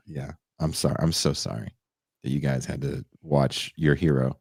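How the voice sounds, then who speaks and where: A man's voice: very deep voice, flat delivery, unhurried, creaky, slightly rough, dry recording, clean studio sound. A man co-hosting a podcast, bantering, swearing and reading out viewer comments. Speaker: podcast co-host. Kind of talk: casual podcast chat reading super chats.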